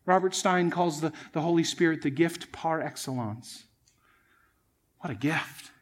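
A pastor delivers his sermon in a fairly high male voice, earnest and emphatic. He presses his points home and keeps turning to the congregation as friends. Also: measured pace. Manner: earnest, emphatic preaching, addresses listeners as friends.

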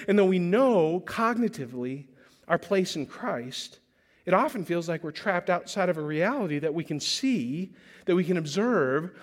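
A man preaching a sermon as pastor, earnest, with frequent restarts and slow, drawn-out emphasis. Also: fairly high pitch.

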